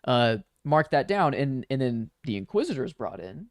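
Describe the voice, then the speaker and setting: A man's voice: mid-range voice, big pitch swings, moderate pace, no room sound, clean studio sound. A man co-hosting a casual podcast, loose and questioning, swearing freely. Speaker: podcast co-host.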